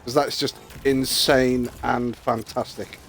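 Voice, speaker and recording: A man's voice: mid-range voice, fairly even intonation, slow, creaky, a bit bright, faint music behind. A man hosting a live game stream, chatting casually and rambling with friends, laughing easily and swearing now and then. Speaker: streamer and host. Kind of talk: casual chat while gaming.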